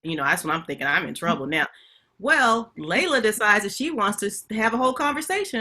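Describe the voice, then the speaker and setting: Lively bright-voiced woman webinar host. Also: medium pitch, brisk. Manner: chatty storytelling, addresses audience directly. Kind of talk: casual webinar talk. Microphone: video call.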